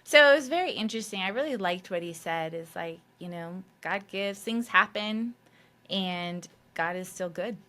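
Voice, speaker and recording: A woman's voice: mid-range voice, expressive, normal speed, fairly bright tone. A woman hosting a faith podcast, talking casually and loosely, with frequent fillers and mild swearing. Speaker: podcast host.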